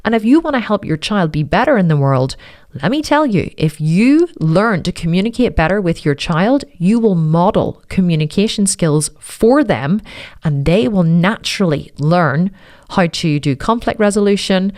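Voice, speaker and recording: A middle-aged woman speaking in a fairly low voice, hosting her own talk. She tells a family story in a chatty, earnest way and often restarts her sentences. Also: expressive, normal speed, darkish tone. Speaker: host.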